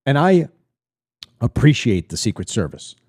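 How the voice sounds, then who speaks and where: A man's voice: medium pitch, big pitch swings, unhurried, darkish tone, no room sound, studio quality. A middle-aged man from the United States hosting his own political commentary show, delivering a blunt, indignant monologue to camera and repeating words when he gets worked up.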